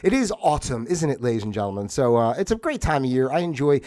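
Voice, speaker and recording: A man's voice: medium pitch, big pitch swings, fast talker, a little mellow. A man hosting his own livestream talk show, speaking casually with a rambling, filler-heavy, apologetic manner. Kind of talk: casual solo livestream chat.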